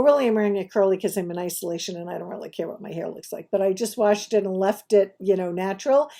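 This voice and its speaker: New york lady vlogging from home, warm raspy voice, rambly and jokey about herself. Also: medium pitch. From Brooklyn, New York. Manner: chatty, digressive, self-mocking asides. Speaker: YouTube host. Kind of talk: casual storytelling to camera.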